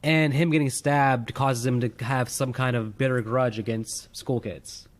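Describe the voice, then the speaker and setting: A man co-hosting a film review show, talking excitedly in casual chat and swearing freely. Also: mid-range voice, measured pace. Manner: animated, exclaiming, swears freely. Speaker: film review podcast co-host. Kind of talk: casual movie discussion.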